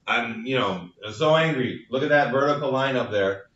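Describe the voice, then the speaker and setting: A lecturer acting out a fussy little demon, all worked up and eager to tell everyone. The voice is bright and edgy, heard in a roomy hall. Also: male voice, mid-range voice, moderate pace, distant mic, muffled recording, lightly acted. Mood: exasperated. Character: agitated vertical-line feature demon, easily upset.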